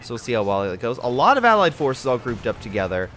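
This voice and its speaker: Animated man casting a strategy game. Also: mid-range voice, quick pace. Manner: animated, swears, talks to the players. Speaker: game commentator. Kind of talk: casual gameplay commentary.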